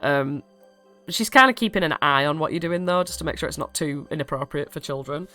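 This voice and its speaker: A woman's voice: low voice, brisk, bright, forceful tone, soft background music. A British-accented woman narrating a tabletop game as game master, casual and chatty with many fillers. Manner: casual, lots of ums and likes.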